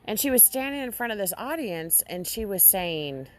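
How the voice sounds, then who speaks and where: A woman vlogger casually recounting a dream to her audience, halting often and restarting her sentences. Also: mid-range voice, big pitch swings. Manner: halting, with frequent restarts and fillers. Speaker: Christian vlogger.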